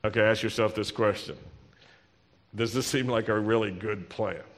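A man preaching a sermon, teaching slowly and deliberately from a Bible passage and having the congregation repeat lines after him. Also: lowish voice, steady tone, big-room sound. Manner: slow, deliberate Bible teaching with call-and-response.

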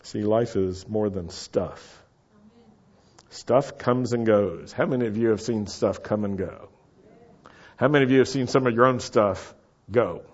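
A male preacher delivers a sermon in a slow, unhurried cadence. His voice is slightly husky, and the sound is a little dull and lo-fi. He swings between hushed reflection and loud calls out. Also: on the low side. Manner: dynamic preaching, swings from quiet to loud exclamations. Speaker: pastor.

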